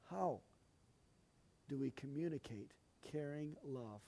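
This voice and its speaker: Middle-aged male pastor, fairly high voice, homespun and talkative from the pulpit. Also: animated, unhurried, long pauses, mellow. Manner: folksy, chatty, asides to the congregation. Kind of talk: sermon-style teaching.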